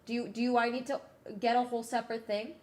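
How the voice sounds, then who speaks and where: A woman's voice: a little high, level tone, quick pace. A woman streamer in casual chat, ranting with exasperation and swearing, while she is sick.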